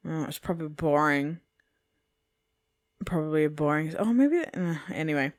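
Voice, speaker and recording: A woman's voice: low-pitched, expressive, normal speed. A pregnant woman, co-hosting a podcast in laid-back, dry, giggly chat. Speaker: podcast co-host. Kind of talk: casual chat.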